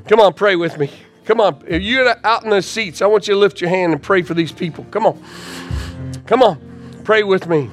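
A man preaching a sermon in a church, urging the congregation forward and praying with fervor, rising to shouts. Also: sits high, moderate pace, faint music behind. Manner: repetitive, urging calls to the congregation. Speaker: pastor. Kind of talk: sermon with altar call and prayer. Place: church sanctuary.

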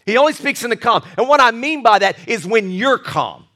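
High, bright-voiced male pastor preaching. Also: a little fast. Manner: animated, repetitive, jokey asides and restarts. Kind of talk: sermon.

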